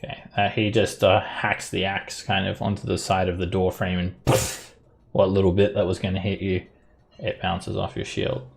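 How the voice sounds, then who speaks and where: A man with a very low, gravelly voice runs a tabletop game as its dungeon master. He narrates the action briskly and explains the rules patiently. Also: level tone.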